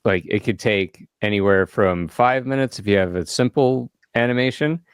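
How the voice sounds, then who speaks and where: A man's voice: lowish voice, normal speed, clear, resonant tone, dry recording. A man co-hosting a casual podcast from a studio, rambling and laughing often. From South Africa. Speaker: podcast co-host. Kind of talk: casual chat.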